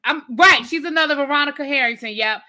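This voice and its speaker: A woman's voice: sits high, fast, bright, forceful tone. A woman hosting a casual live TV review, chatty and colloquial, acting out the scenes as she recaps them. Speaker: show reviewer and host.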